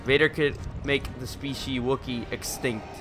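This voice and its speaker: A man giving casual, excitable commentary while playing a video game, swearing and yelling out his attack moves. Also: mid-range voice, moderate pace. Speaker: let's play commentator. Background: loud game music.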